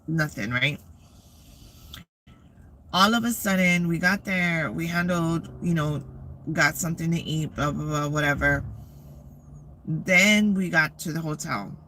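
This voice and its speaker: Woman vlogger, forceful bright voice, profane rambling storyteller. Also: low voice, slight background noise. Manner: profane, rambling, animated retelling. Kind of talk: casual storytelling.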